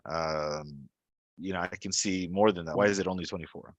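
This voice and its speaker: A male student in a relaxed lesson, asking questions and repeating answers as he works them out. His voice is very low. The sound is dry and close, with no room echo. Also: normal speed, lo-fi sound. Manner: questioning, thinks aloud, echoes answers. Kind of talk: casual tutoring session.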